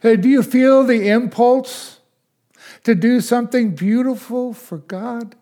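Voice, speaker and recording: Older male pastor, high voice, unhurried sermon delivery with sudden hushed asides. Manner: slow, questioning preacher who swings from loud to hushed.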